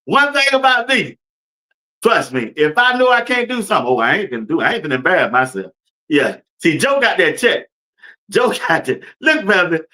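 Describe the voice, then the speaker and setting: A man hosting a casual sports talk stream, animated, slangy and laughing often. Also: high-pitched, fairly quick. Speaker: sports talk show host.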